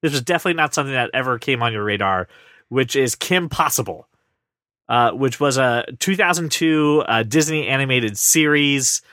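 Animated, opinionated male podcast host. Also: mid-range voice, normal speed, no echo, studio quality. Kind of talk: casual podcast chat.

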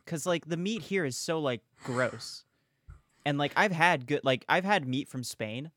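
A man's voice: on the high side, animated, measured pace, a bit bright, no echo. A young man co-hosting a podcast, chatting casually and animatedly, swearing a lot and calling people bro and dude. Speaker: podcast co-host. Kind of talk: casual chat.

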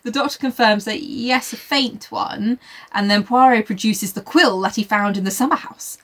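A woman's voice: fairly high pitch, moderate pace. A woman co-hosting a casual podcast, recapping a mystery novel with frequent laughter and casual swearing. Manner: laughs often, swears casually, animated storytelling. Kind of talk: casual chat.

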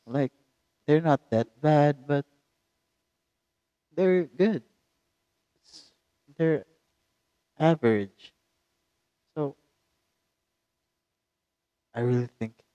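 A young man with a Filipino accent rambles goofily through his own solo podcast, speaking very slowly and lazily. His voice sits in the middle of the male range, and the recording is dry and close with no room sound. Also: medium pitch, dark tone, no echo. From Philippines. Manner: goofy, switches between English and Tagalog, bursts into silly animal noises. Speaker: podcast host. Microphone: studio microphone.

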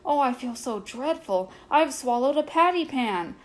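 A woman's voice: on the high side, lively intonation, normal speed, close to an everyday voice. A woman voicing a fussy, anxious female dog guest in a children's story, talking politely and then panicking and whining. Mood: panicked.

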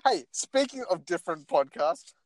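A man's voice: sits high, moderate pace. A young man co-hosting a car podcast, joking and mocking in casual chat. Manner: jokey, animated, mocking asides. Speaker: podcast co-host.

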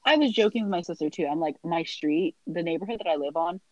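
A woman's voice: fairly low pitch, quick pace, a little mellow, dry recording, highs cut off. A young woman chatting casually as a guest, rambling through stories with lots of filler words. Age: young adult. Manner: rambling storyteller. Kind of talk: casual chat.

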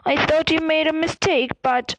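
A woman's voice: high-pitched, fairly even intonation, moderate pace, slight background noise, pitched above the performer's own voice, close to an everyday voice, poor audio. A woman voicing a frightened, angry young boy wizard in a storybook reading, speaking in a tense, strained way.

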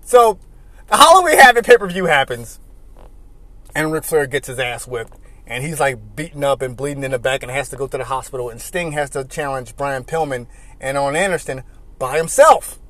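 A man hosting casual commentary and telling animated stories with frequent laughter. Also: mid-range voice, moderate pace, no room sound. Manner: animated storytelling, laughing often. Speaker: host.

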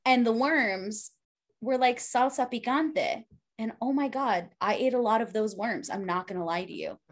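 A woman's voice: a little high, moderate pace. A woman co-hosting a casual podcast chat, playful and laughing often. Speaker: podcast co-host.

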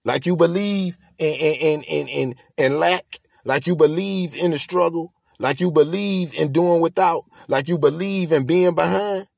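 Emphatic man with a gravelly voice. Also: fairly high pitch, measured pace, hardly any pauses, a little mellow, no echo, clean studio sound. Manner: preachy, repetitive, emphatic. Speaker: podcast host. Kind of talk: motivational monologue.

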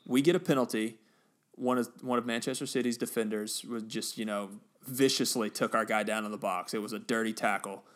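A man on a podcast, casually retelling a football match with animated bursts of excitement. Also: lowish voice, a little fast. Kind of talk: casual storytelling chat.

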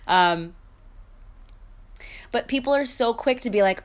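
A woman with a low speaking voice hosts her own podcast, talking alone through her opinions. Her delivery is candid and conversational, full of fillers and restarts, with short laughs between points. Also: very animated, measured pace, pauses often. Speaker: podcast host. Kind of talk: solo podcast monologue.

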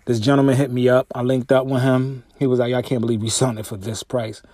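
A man hosts his podcast alone, speaking close into his microphone in a dry room. His storytelling is loose and animated, full of swearing, and his voice leaps up in pitch when he gets exasperated. His pitch sits in an ordinary middle range. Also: fast talker, dry recording. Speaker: podcast host and music artist. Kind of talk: casual solo podcast monologue. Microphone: podcast microphone through a mixer.

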